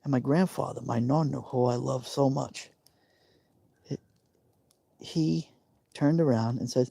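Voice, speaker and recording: A man in his fifties with a warm, mellow tone. He tells a personal story in an emotional, confiding way and often repeats himself for emphasis. The sound is dry, with no room echo. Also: mid-range voice, a little slow, creaky, long pauses, breathy edge. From New York. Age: 50s. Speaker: live-stream host.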